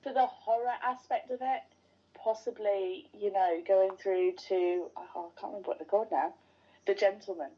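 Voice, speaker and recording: A woman's voice: medium pitch, normal speed. A woman guest on a podcast, chatting casually and enthusiastically like a fan. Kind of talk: casual interview chat. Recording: dull lo-fi sound.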